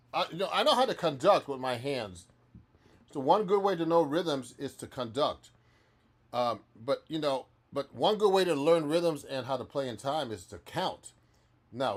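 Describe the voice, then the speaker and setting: A man who is a professional musician and guitar teacher, chatting loosely through a live-stream practice session and answering viewers, with frequent restarts. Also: medium pitch.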